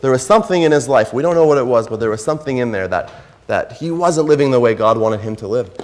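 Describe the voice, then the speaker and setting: Male children's teacher, mid-pitched, chatty, asks kids questions, slow scripture reading, long hall reverb. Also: lively intonation, darkish tone. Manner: conversational, asks the children questions, reads verses slowly. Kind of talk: Bible lesson for children. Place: church.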